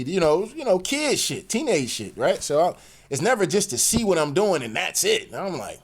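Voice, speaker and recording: A man's voice: high voice, very animated, a little fast, slightly rough. A man telling a personal story in a slang-heavy, profane rant, peppered with "you know what I'm saying". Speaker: commentary channel host.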